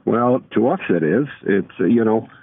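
A man's voice: fairly low pitch, expressive, moderate pace, breathy edge, no echo. A man being interviewed on a radio show over the phone, speaking hesitantly with fillers. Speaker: guest on phone. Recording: dry, tinny phone line.

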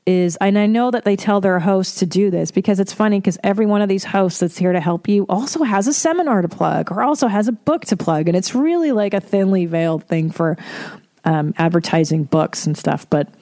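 A woman who is a mother hosting a solo podcast, chatting in a candid, profane and animated way. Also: medium pitch, a little fast. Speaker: podcast host. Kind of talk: casual solo podcast chat.

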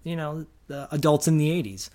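A man's voice: on the high side, a little fast, darkish tone. A middle-aged man co-hosting a podcast in casual chat, enthusiastic and rambling, laughing easily. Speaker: podcast co-host.

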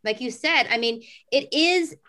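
A woman hosting a casual screenwriting conversation, animated and excitable, swearing freely and acting out her own thoughts. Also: high voice, measured pace. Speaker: podcast host.

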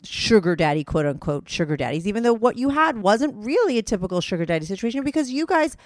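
A woman's voice: medium pitch, sing-song, fast talker, dry recording, clean studio sound. A woman hosting a podcast in casual chat, frank and filler-heavy, swearing freely. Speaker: podcast host.

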